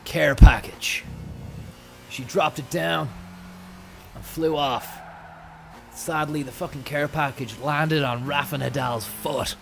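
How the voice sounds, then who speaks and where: A young man, a comedian streamer, telling an absurd story in a deadpan, rambling, sweary way. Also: a little high, slow, vocal fry, long pauses, noisy background.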